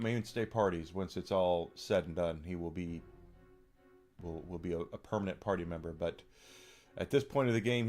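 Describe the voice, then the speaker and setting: A man with a fairly low voice gives laid-back commentary while he plays a game. He rambles, clears his throat often and fills pauses with ums, over faint game music. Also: a little mellow. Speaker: streamer. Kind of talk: casual let's-play commentary.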